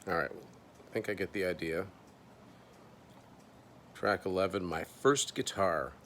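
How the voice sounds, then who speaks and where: A man's voice: low-pitched, unhurried, a bit bright, a little hiss or hum. A man hosting his own show, casually thinking aloud through a first listen of an album, hesitant and with dry asides, at home indoors. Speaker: host.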